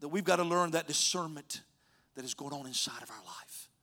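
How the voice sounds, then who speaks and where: A man preaching a sermon as pastor, telling stories and swinging from loud urging to soft near-whispers. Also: on the high side, fairly quick.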